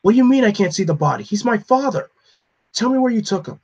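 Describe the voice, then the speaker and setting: A man voicing a grieving young man who demands answers loudly and insistently in a comic-book reading. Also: mid-range voice, big pitch swings, moderate pace, slightly rough, dull audio. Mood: angry, demanding. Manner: shouting, insistent.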